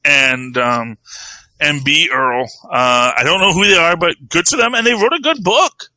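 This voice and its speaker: A man's voice: fairly high pitch, normal speed, bright, forceful tone, dry recording, rough recording. A man co-hosting a podcast, talking comics in a rambling, casual way full of "you know" and "um". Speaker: podcast co-host. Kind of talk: casual chat about comics.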